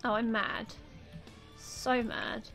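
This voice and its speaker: Bright-voiced woman swearing at a game. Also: fairly high pitch, level tone, drawn-out words, faint music behind. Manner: chatty, swears freely, talks back at game characters. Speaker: gameplay video host. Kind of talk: casual gameplay commentary.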